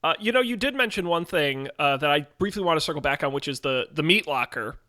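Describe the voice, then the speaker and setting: A man co-hosting a casual movie podcast, telling jokey stories in an animated way. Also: a little high, fast, dry recording, studio quality. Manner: animated, joking storyteller. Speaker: podcast co-host.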